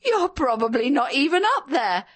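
A bitter, scornful husband who sneers and mocks, his lines rising and falling with lively pitch, as a woman reading a story puts him on. The voice sits close and dry. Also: moderate pace, husky, no echo, heavily acted. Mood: sneering. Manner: sneering, sarcastic.

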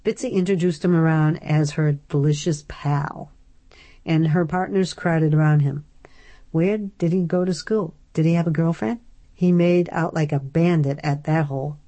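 A woman narrating an audiobook in a steady storytelling manner. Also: low voice, moderate pace.

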